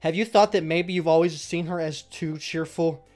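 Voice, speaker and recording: Brief: man voicing a calm game club president, polite, quiet, measured, faint music behind. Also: on the high side, natural voice. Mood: gentle.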